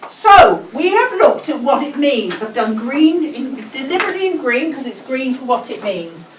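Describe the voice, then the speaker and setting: A brisk English woman with a fairly high voice leads a school class, drawing out key words slowly for the children. She is picked up from a distance in an echoey classroom, with clear noise behind her. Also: sing-song. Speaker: teacher. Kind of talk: whole-class teaching demonstration.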